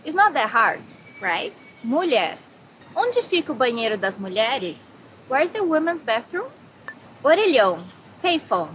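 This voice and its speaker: Woman, high voice, language teacher, slow careful pronunciation, steady hiss behind. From Brazil. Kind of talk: bilingual language lesson.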